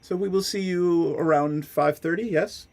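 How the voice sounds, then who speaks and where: A man voicing a prim human woman who guards entry to a pleasure barge, polite and measured. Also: fairly high pitch, fairly even intonation, a little mellow, close to an everyday voice. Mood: cool, polite.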